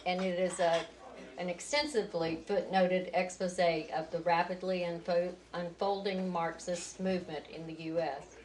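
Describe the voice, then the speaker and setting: A woman's voice: on the low side, little pitch movement, moderate pace, a little mellow, slight background noise, poor audio. A woman introducing a guest speaker, reading a formal introduction with occasional stumbles.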